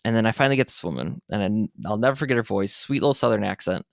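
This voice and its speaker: A man's voice: on the low side, rapid-fire, gravelly, no room sound, studio quality. A man in his forties from Buffalo, New York, a veteran entrepreneur telling his story bluntly and with some profanity as a podcast guest. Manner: blunt and profane, animated retelling. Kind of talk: candid interview storytelling.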